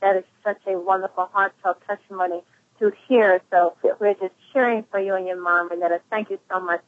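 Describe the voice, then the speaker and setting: A woman pastor hosts a conference call, thanking and cheering on callers at a brisk pace. Her voice comes over a narrow, phone-like line. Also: medium pitch, steady tone. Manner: warm, affirming, quick-talking.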